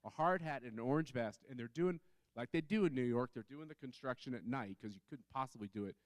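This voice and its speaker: A man's voice: mid-range voice, fast, dry recording. A man on a conference panel telling a story in a chatty way, full of fillers and restarts. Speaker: panel speaker.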